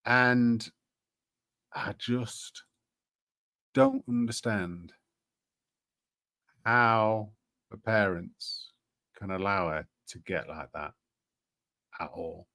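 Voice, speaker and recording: A man's voice: lowish voice, sing-song, extremely slow, pauses often, pushed and bright. A man hosting a live stream, chatting casually with many ums and restarts. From Britain. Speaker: livestream host.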